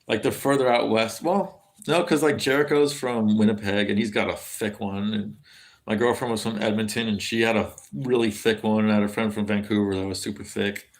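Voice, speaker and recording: American man, gravelly voice, slightly low, casual livestream chat, profane, rambling, lots of fillers. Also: fairly even intonation, a little fast. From California, USA. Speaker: streamer answering chat.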